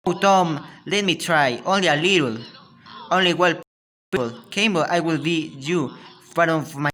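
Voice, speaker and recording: A man's voice: fairly high pitch, normal speed, bright, forceful tone, voice pushed up. A man doing an eager teasing boy, Spanish-accented. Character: curious teasing young boy.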